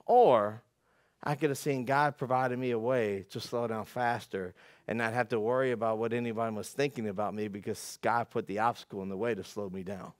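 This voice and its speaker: A man preaching a conversational sermon, telling stories with folksy self-deprecating humor, dropping to quiet asides and climbing to loud, emphatic peaks. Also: lowish voice, fairly even intonation, normal speed, dry recording. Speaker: pastor.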